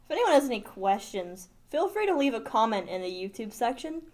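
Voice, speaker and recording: A woman's voice: on the high side, very animated, brisk, darkish tone. A teenage girl hosting a school podcast, laid-back and upbeat, saying "like" a lot. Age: teens. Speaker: podcast host. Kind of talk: casual podcast chat.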